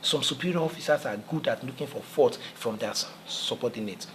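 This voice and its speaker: A man's voice: medium pitch, a little fast, a little hiss or hum, low-quality recording. Earnest man giving a motivational talk. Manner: earnest, repetitive, preacherly with restarts. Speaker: motivational speaker.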